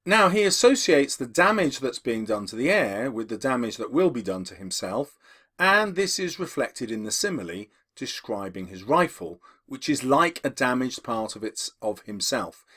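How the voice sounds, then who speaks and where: A man teaching English and working through a poem for students. His voice sits at a middle pitch but moves a lot, rising and falling with emphasis, and he slows down when he reads quoted lines. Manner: lively, emphatic, slows down to read quotations. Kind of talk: explaining poetry analysis to students.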